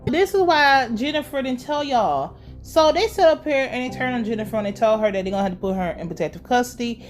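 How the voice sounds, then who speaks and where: A woman's voice: on the high side, expressive, fast, soft background music. A young woman giving a casual, slangy episode recap, ranting with lots of swearing. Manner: profane, slangy, fired-up ranting. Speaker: TV show reviewer.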